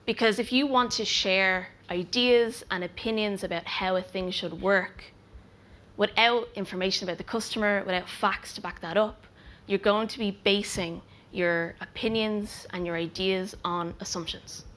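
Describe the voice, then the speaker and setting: A young adult woman, a product researcher, giving a clear, measured conference talk with emphatic pauses. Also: mid-range voice, steady tone, a bit bright.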